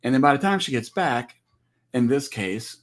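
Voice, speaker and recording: Joking Texan husband on a livestream. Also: male voice, mid-range voice, animated, moderate pace. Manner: joking, teasing, easygoing. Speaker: co-host of a homestead livestream, husband. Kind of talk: casual livestream chat.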